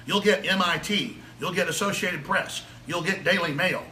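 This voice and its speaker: A man's voice: high voice, bright, forceful tone, echoey room, slight background noise. A man with a Texan accent delivering a heated, sarcastic political monologue as a talk show host. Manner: rapid-fire, sarcastic, indignant.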